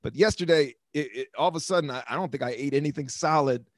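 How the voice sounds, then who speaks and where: Recorded at studio quality with no room sound, an American man in his fifties talks fast in a voice on the high side. Hosting a podcast, he rambles through stories in a casual monologue, laughing often and swearing freely.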